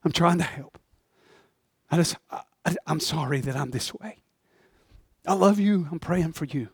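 A humble beggar man in a sermon retelling speaks in a hushed, pleading voice, as a preacher puts him on. The voice sits high and sounds close and dry. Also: moderate pace, slightly rough, no room sound. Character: poor sick beggar man, humble and grateful.

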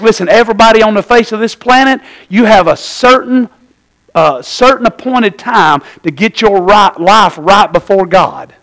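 A man's voice: very high-pitched, low-quality recording. A man, from Tennessee, preaching a folksy sermon and often asking the congregation for an amen. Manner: animated, folksy, calls for amens.

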